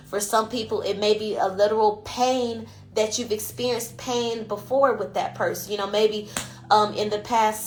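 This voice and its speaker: A woman podcast host and intuitive coach talking in a casual, emphatic monologue, often tagging "you know" onto her points. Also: mid-range voice. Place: IG Live recording.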